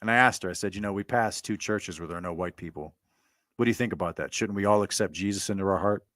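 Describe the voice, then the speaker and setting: Blunt male storyteller, lowish voice, dry close recording, provocative, full of restarts. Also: fast, a bit bright, no room sound. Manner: blunt, provocative, repeats himself with stammered restarts. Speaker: commentator telling a personal story. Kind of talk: monologue recounting a conversation.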